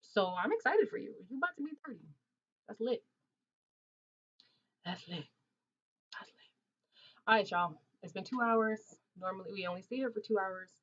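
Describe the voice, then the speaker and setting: Hardly pausing, this Ontario livestream host in her twenties talks fast in a medium-pitched voice while reading viewer comments. Her chat is casual, animated and slangy, full of laughter, and the audio sounds dull and lo-fi.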